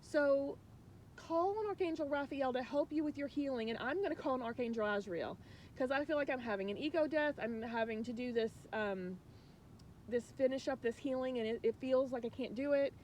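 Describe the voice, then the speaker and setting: A woman with a fairly high voice talks straight to her viewers as a spiritual coach. She is earnest and rambling, restarting her sentences often as she confides her feelings, and a faint low rumble sits underneath. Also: moderate pace, darkish tone. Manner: emotional, confiding. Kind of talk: casual spiritual message to viewers.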